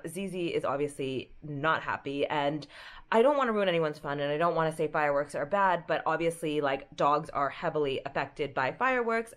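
A young woman vlogging at home, chatting to the camera in an upbeat, rambling way. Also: low-pitched. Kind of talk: casual vlog chat to camera. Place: at home in an apartment.

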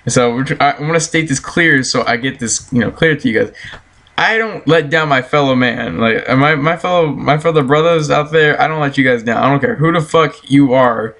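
A man's voice: medium pitch, fairly quick, fairly bright tone. A man telling a story as a casual, heated, profane rant, breaking into laughter now and then.

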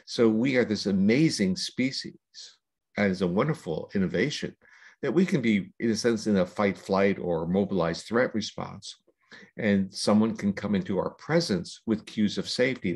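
An older man, a scientist guest on an interview podcast, explaining ideas in a measured, lecturing way with long explanations. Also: on the low side, a little mellow, breathy edge.

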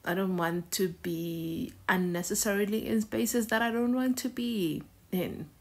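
A woman's voice: mid-range voice, measured pace. A woman hosting a reaction video in a casual, conversational way, often repeating words and phrases for emphasis.

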